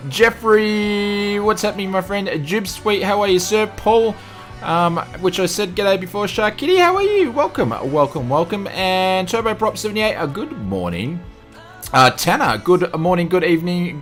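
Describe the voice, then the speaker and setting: A man's voice: high voice, a bit bright. An Australian man hosting a casual livestream, upbeat and greeting chat viewers one by one with repeated welcomes. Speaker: livestream host.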